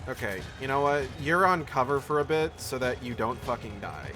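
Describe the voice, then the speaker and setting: A man talks through his game stream in loose, chatty commentary, dropping casual swears. His voice swings up and down lively at a middle pitch, with game music clearly audible behind him. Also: normal speed. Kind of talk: let's play commentary.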